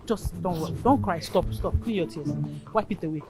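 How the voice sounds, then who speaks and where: A woman's voice: lowish voice, a little fast, over loud music, natural voice. A woman with a Nigerian accent playing a fussy, dramatic housewife who exclaims and scolds. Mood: soothing. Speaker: madam of the house.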